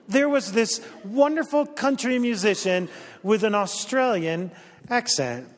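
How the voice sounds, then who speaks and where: A man's voice: very high voice, lively intonation, moderate pace, long reverb tail. A middle-aged male pastor giving a conversational, storytelling sermon with dry humor.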